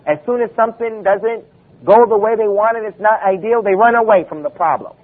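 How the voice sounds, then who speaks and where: A man's voice: high voice, a little fast. A man giving an Islamic lecture, emphatic and full of rhetorical questions, quoting Arabic texts. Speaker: preacher. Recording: phone-like lo-fi recording.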